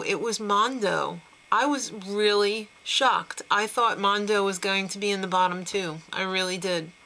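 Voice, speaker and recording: A woman's voice: medium pitch, sharp tone, a little hiss or hum, poor audio. A woman hosting a casual TV recap show, chatty and opinionated, laughing between remarks.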